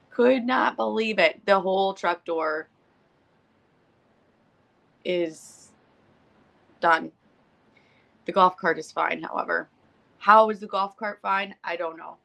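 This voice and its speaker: A middle-aged woman with a gravelly, bright edge tells a story in relaxed podcast chat. She is animated and swears freely, acting out the quoted lines as she goes. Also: on the low side. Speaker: podcast co-host.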